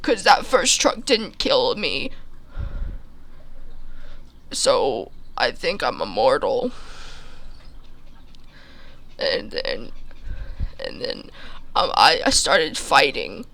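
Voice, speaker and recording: A man's voice: medium pitch, wildly swooping pitch, drawn-out words, gravelly, long pauses, pushed and bright. A man telling an absurd comic story in a rambling way, with many restarts. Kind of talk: comedic storytelling.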